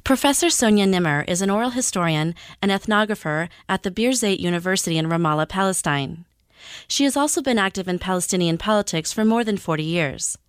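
A woman radio host announcing the program in a measured, precise scripted delivery. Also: medium pitch, lively intonation, clean tone, no echo.

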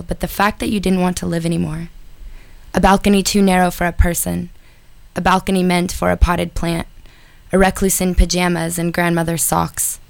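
Low, gravelly woman reading poetry. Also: no echo. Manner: measured, deliberate recitation. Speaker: guest poet.

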